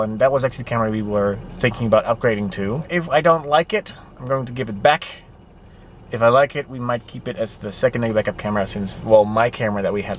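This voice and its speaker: A man who speaks Dutch as his first language, chatting casually to camera in a rambling vlog with many fillers, recorded on a handheld camera mic. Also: mid-range voice. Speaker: vlogger. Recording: light background noise.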